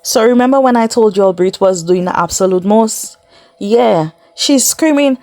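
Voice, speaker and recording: A woman's voice: medium pitch, normal speed, a little mellow, no echo, studio quality. A woman giving a casual recap of a reality show, chatty and incredulous, laughing often as she tells it. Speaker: recap vlogger.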